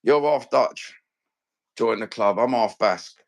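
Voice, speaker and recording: A man's voice: mid-range voice, unhurried, creaky, no room sound. Sweary Cockney man ranting casually. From London. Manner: animated, swearing, rambling slang-filled rant. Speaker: fan channel host. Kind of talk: casual live-stream chat.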